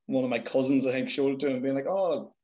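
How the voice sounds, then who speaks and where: A young Irish man chats as a guest over a video call. He tells stories at a lively clip, swears freely, and slips into quick impressions of the people in them. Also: mid-range voice, poor audio. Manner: lively storytelling, swearing, mimics voices. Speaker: podcast guest. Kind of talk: casual chat.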